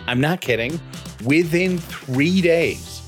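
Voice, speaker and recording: A man co-hosting a podcast, telling a story casually with an animated, expressive delivery. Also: fairly high pitch, takes it slowly, faint music behind. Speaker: podcast co-host.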